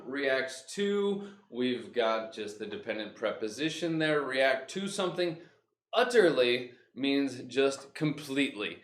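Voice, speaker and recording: Playful man teaching English, roomy echo. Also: mid-range voice. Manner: playful, animated, acts out words. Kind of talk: improvised live vocabulary lesson. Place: home room. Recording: echoey room.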